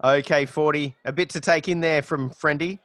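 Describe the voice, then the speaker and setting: A man from Australia moderating a casual sports debate podcast in a brisk, refereeing manner. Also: on the high side, fairly even intonation, fairly bright tone, no echo. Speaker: quiz moderator host.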